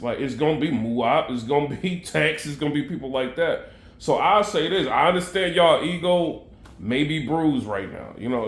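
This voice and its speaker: A battle rap commentator talks straight to his viewers in a medium-pitched voice from an echoey room. His casual, conversational commentary is packed with fillers, loose asides and plenty of "you know what I mean."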